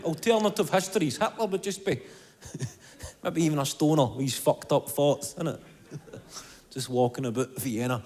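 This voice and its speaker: Animated comic with a lively, high voice. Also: male voice. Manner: animated, swearing, storytelling. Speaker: stand-up comedian. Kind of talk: stand-up routine. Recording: live comedy hall, crowd laughter.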